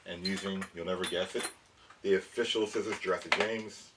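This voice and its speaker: Speaking to kids in a low, steady tone at a moderate pace, a man rambles chattily through a toy review and science explainer, frequently correcting himself. He sounds somewhat distant from the microphone, and faint noise lingers in the background.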